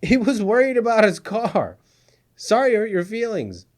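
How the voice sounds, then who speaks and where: A man's voice: high voice, big pitch swings, moderate pace. A man hosting a satirical news show, sarcastic and exasperated, often laughing at his own jokes. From Middle East. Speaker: comedy news host.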